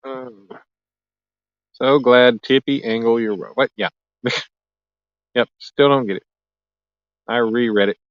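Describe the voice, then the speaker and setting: A man's voice: medium pitch, slow, long pauses, dry recording, muffled recording. A man hosting a casual live stream outdoors by a lake at night, chatting easily and joking as he reads and answers viewer comments aloud. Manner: joking, easygoing. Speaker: livestream host.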